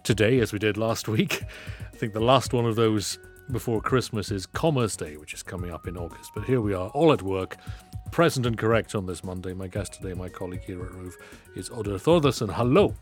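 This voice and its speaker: A man's voice: fairly low pitch, brisk, soft background music. A man hosting a radio show in a studio, chatting easily with a colleague in a friendly, conversational way. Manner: chatty, easygoing, friendly banter. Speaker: radio host.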